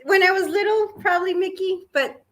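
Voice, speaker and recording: Playful high-voiced woman guest. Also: fairly quick, fairly bright tone. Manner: playful, jokey. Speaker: guest lawyer. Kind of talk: casual interview chat.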